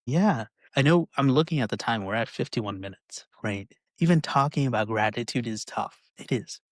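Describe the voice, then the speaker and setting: A man's voice: medium pitch, expressive, normal speed, no echo. A man hosting a podcast, chatting casually and often checking in with "right?". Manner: conversational, frequent "right?" tags. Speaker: podcast host.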